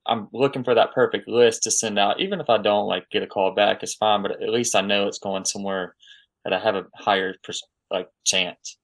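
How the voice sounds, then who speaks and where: A man co-hosting a casual podcast chat, relaxed and full of fillers. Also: fairly low pitch, brisk, vocal fry. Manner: relaxed, filler-heavy, lots of "like".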